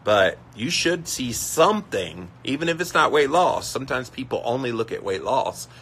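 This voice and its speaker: A man's voice: mid-range voice, lively intonation, moderate pace, fairly bright tone, a little hiss or hum. A man hosting a live stream, chatting casually and reacting to viewer comments as he reads them. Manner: conversational, reads out comments and reacts with mock voices.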